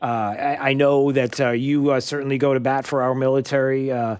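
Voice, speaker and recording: A man's voice: medium pitch, little pitch movement, normal speed, a little mellow, clean tone. A man hosting a political talk radio show, emphatic and full of "uh" fillers and restarts.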